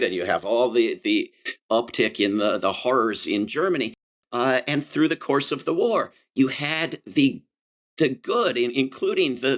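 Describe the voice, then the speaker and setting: Man, interview guest, impassioned, lots of fillers and restarts, mid pitch. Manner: animated and impassioned, many fillers and restarts, acts out quoted voices. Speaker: interview guest, anti-war activist. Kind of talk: conversational interview.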